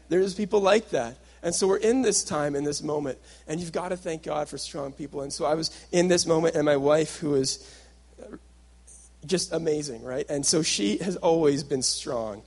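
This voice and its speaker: A young adult man gives a sermon-style workshop talk, telling a personal story and acting out, in quotes, what he and others once said. His voice is on the high side and darkish, with vocal fry, at a moderate pace.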